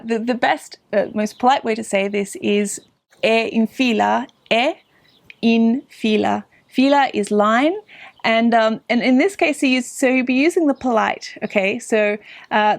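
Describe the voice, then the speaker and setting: A woman gives a casual spoken lesson on Italian phrases, chatting with frequent restarts and slowing down to model each phrase. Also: mid-range voice, dry recording. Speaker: Italian language teacher.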